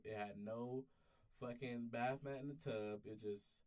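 A man's voice: medium pitch, fairly even intonation, measured pace, darkish tone, far from the mic. A man in his twenties telling a long story in casual chat, rambling and swearing, with many restarts. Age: 20s. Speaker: podcast storyteller. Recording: voice sits back from the mic.

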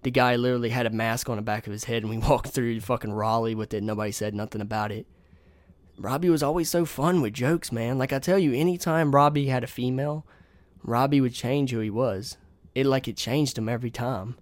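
A young man in his twenties tells his side of a story in a loose, profane, conversational voice. His pitch sits mid-range for a man. The sound is dry and close, with almost no room. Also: fairly quick, no echo. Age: 20s. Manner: blunt, profane, reads messages aloud. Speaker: podcast host. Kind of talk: casual storytelling monologue. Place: home kitchen.

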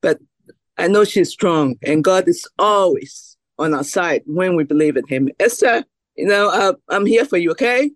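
A woman calling in to a video call podcast, speaking warmly and haltingly with many pauses. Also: on the low side, animated, no room sound. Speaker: caller, family friend. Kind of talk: casual chat on a video call.

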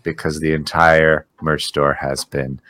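A man's voice: extremely low pitch, flat delivery, a little slow, sharp tone, no echo. A man co-hosting a podcast, chatting casually and joking, laughing often. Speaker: podcast co-host. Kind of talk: casual chat.

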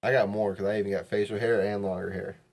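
A man's voice: on the low side, level tone, quick pace, creaky, darkish tone. Man, podcast co-host, drunk casual chat, laughs and swears often. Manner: laughing, swearing, slurring as he drinks.

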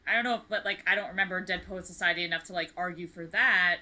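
A woman's voice: lowish voice, fast, pushed and bright, low-quality recording. A woman co-hosting a casual film podcast, chatty and agreeable, often hedging her opinions. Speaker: podcast co-host.

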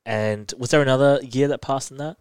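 Animated man recapping a show. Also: mid-range voice, fairly quick, clear, resonant tone, no echo. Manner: animated, detailed retelling. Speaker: podcast co-host. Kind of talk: casual chat recapping a TV episode.

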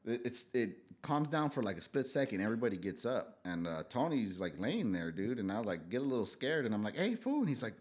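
Low-voiced man telling loose, profane stories. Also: expressive, brisk, hardly any pauses. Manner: laid-back, profane, acts out quotes with a raised voice. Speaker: podcast guest. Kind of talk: casual storytelling chat.

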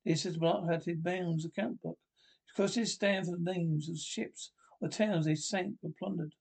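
A man voicing an excitable, boastful older gentleman squire in a storybook reading, talking eagerly and with loud confidence. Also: high-pitched, unhurried, gravelly, breathy edge, heavily acted. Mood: gloating.

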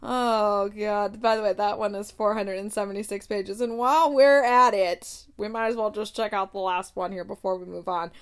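A woman chats casually about books in a relaxed, laughing way, reacting with disbelief to what she reads. Her voice sits at an ordinary middle pitch. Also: normal speed, few pauses, clear, resonant tone. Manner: laughing, incredulous, reads blurbs aloud. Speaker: book vlogger. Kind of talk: casual book review chat.

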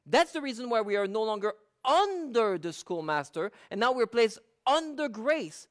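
Expressive preacher, animated rising pitch. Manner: reads scripture slowly with stressed words; explains with rhetorical questions. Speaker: Bible teacher. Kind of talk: verse-by-verse sermon.

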